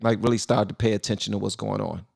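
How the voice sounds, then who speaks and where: A man's voice: on the low side, fairly even intonation, fast talker, vocal fry, a little mellow. A man hosting a casual live stream and talking loosely, with many fillers and restarts.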